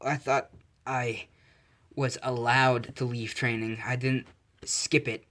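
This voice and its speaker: A man's voice: medium pitch, little pitch movement, slow, a bit bright. A man voicing a young male hero, injured and wry, talking lightly.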